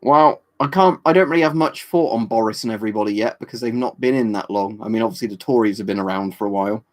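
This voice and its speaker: A man's voice: lowish voice, fast talker. A man from the UK, hosting a livestream and answering viewers' questions in a rambling, casual way, full of fillers and tag questions. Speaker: livestream host answering chat. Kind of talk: casual live chat.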